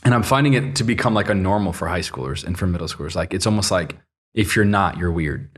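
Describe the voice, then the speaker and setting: A young man hosting a podcast, upbeat and quick to laugh. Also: deep voice, animated. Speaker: podcast host. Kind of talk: casual podcast chat.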